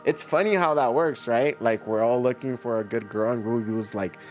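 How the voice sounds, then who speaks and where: Faint music sits behind a middle-aged man speaking fairly quickly in a mid-range voice. He's a livestream host reading viewer comments, keeping things casual, relaxed and slangy, with plenty of laughs.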